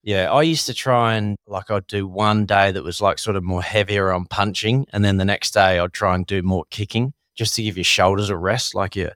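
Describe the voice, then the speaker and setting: An Australian man, a former Thai boxer, telling a story in a casual, animated way full of "sort of" and "like". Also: lowish voice, moderate pace, few pauses, no room sound, studio quality.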